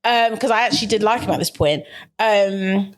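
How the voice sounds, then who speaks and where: A woman's voice: mid-range voice, brisk. A young woman from the UK, telling a story in a casual podcast chat and acting out what people said. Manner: animated, acts out quotes with bursts of laughter. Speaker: podcast guest.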